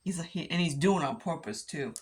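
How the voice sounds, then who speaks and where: A woman's voice: low voice, expressive, fairly quick, husky. A woman chatting casually while doing her makeup, rambling and swearing freely. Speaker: beauty vlogger. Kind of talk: casual get-ready-with-me chat.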